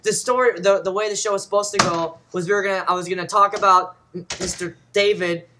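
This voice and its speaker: A man co-hosting a casual podcast, rambling and halting with frequent restarts. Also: sits high, steady tone, noisy background. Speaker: podcast co-host.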